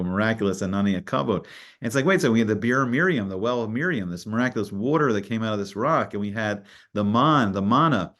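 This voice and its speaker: Man teaching Torah in a casual, animated way. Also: mid-range voice. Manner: animated, explains Hebrew phrases in English, frequent restarts.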